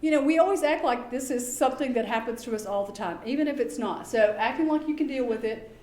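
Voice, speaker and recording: Lively woman speaking in an echoey room. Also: on the high side, quick pace. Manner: lively, chatty, acts out quoted dialogue. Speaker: behavior specialist giving a talk to parents. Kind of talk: presentation to an audience.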